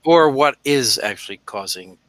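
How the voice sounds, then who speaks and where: A man's voice: mid-range voice, animated, moderate pace, fairly bright tone, no echo. A man hosting a chat show, answering questions in a casual, hesitant way. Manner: hesitant, many fillers and restarts. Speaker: host.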